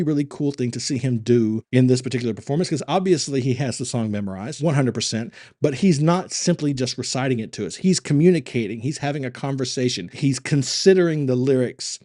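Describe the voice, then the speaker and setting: Mellow-voiced male acting coach. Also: mid-range voice, no room sound, clean studio sound. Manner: thoughtful, repeats and rephrases his points. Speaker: acting coach reacting to a music video. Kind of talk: casual video commentary.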